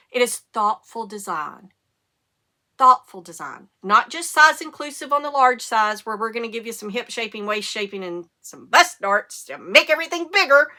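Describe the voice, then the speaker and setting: A middle-aged woman, hosting a casual knitting podcast and telling animated stories, with the occasional cough and hiccup. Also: fairly high pitch. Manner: chatty, animated storytelling with rising excitement. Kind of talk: casual chat.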